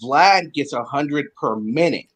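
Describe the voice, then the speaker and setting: A man's voice: on the high side, expressive, slow pace. A man hosting a casual call-in chat, laid-back, laughing easily and repeating himself. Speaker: host.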